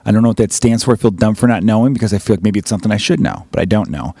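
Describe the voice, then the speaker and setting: A man's voice: on the low side, very fast, mellow, husky, no room sound. Chicago man hosting a podcast: loose, profane, joking, recorded dry and close. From United States. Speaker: podcast host. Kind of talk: casual podcast chat.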